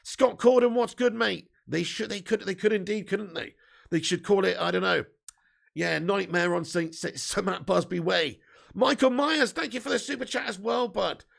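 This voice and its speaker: A man hosting a live football fan stream, chatting to viewers and reading their messages with excitable, sweary banter. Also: high-pitched, normal speed. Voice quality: gravelly. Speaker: football fan channel host. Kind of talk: live-stream chat reading super chats.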